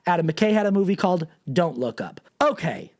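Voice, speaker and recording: A male podcast host giving ranting political commentary, sarcastic and animated, who swears freely. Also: high voice, brisk.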